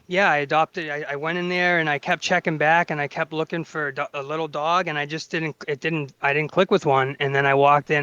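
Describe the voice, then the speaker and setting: A man's voice: fairly high pitch, pushed and bright, clean tone, no echo, lo-fi sound. A man with a Boston accent, a guest in casual chat on a live stream, who often repeats his words as he starts a sentence. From Massachusetts.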